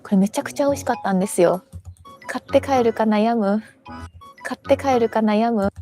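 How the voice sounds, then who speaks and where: Rapid chatty travel-vlogger woman. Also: a little high, mellow, faint music behind. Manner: chatty, musing aloud to herself. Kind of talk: travel vlog narration.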